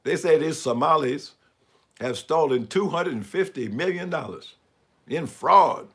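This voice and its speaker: A man's voice: fairly high pitch, animated, unhurried, fairly bright tone, slightly rough. A man giving sarcastic, mocking commentary on a live stream and asking for the next image as he talks through slides. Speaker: speaker commenting on news images.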